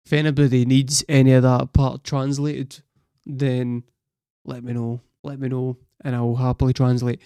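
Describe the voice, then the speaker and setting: A man's voice: mid-range voice, little pitch movement, moderate pace, dark tone, clear, resonant tone, no echo. A Scottish man hosting a music reaction, joking crudely and swearing as he comments. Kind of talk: casual commentary.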